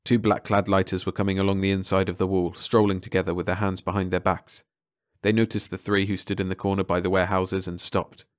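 A man narrating an audiobook in calm, measured scripted narration. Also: deep voice, no room sound, clean studio sound.

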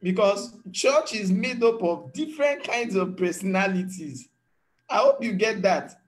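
A man's voice: high voice, expressive, unhurried. A man, preaching a sermon as a pastor in an earnest teaching tone and acting out voices of people he quotes. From Nigeria.

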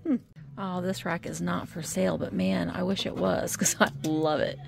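A woman's voice: fairly low pitch, steady tone, moderate pace, creaky. A middle-aged woman chatting casually as she browses an antique mall, thinking aloud and reading out prices. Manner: chatty, thinks aloud while pricing items. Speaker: vintage reseller vlogger. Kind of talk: casual shop-along narration.

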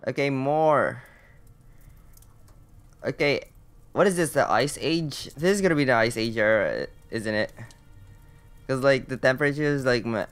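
A man's voice: medium pitch, clear, resonant tone. A young man giving casual let's-play commentary, bemused and thinking aloud, swearing often as he plays. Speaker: gaming YouTuber.

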